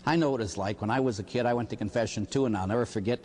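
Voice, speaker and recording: A man's voice: on the low side, rapid-fire, a little mellow, slight background noise. An older man preaching as a priest, telling stories animatedly with frequent "huh?" asides. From Pittsburgh area. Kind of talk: sermon. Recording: long reverb of a large hall.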